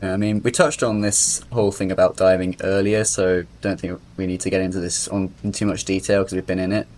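Low-voiced podcast co-host weighing in. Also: male voice, little pitch movement, brisk, a little mellow. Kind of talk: casual podcast chat.

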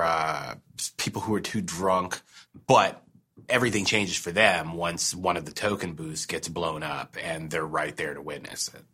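Male commentator, very deep, husky and bright, casual explainer. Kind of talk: interview commentary.

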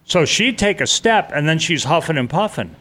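A middle-aged man tells his story in earnest, halting conversation. He stumbles and restarts mid-sentence and slips into the voices of the people he remembers. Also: on the high side, very animated, sharp tone. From New York. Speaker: interviewee recounting a disaster escape.

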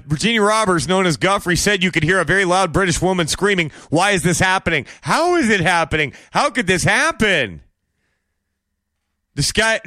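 High-voiced, bright-toned sarcastic male commentator. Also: clean tone, dry recording, studio quality. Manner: sarcastic, mocking rhetorical questions; bursts into exaggerated shouted impressions. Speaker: podcast host. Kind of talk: opinionated commentary monologue.

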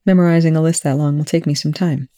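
A reader voicing a cool, professional woman who speaks flatly and businesslike. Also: mid-range voice, quick pace, pitched above the performer's own voice, natural voice. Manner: flat and businesslike.

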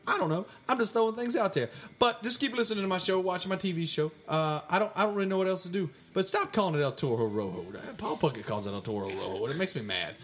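A man's voice: high-pitched, fast talker, few pauses, fairly bright tone. A man playing a brash mailbag persona, answering fan questions in a rambling, mock-indignant way on a comedy podcast. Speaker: podcast co-host. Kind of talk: comic mailbag segment.

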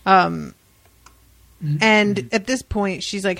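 A woman's voice: mid-range voice, lively intonation, slow pace, a bit bright, no echo. A young woman co-hosting a casual podcast, retelling a comic story with wry, profane asides and quoted voices. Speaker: podcast co-host. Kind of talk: casual book-club chat.

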